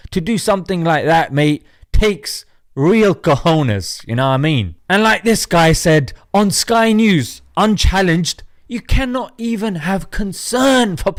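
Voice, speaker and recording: A man's voice: sits high, no echo, studio quality. A man hosting an informal news commentary, talking in a casual, sarcastic way. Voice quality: informal, sarcastic, peppered with "mate". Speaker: host.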